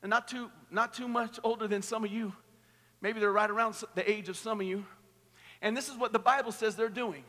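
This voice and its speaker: High, bright-voiced pastor in an echoey hall. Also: male voice, steady tone, brisk. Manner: playful, joking, rallying the crowd. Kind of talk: energetic youth sermon with call-and-response. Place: large hall at a youth camp.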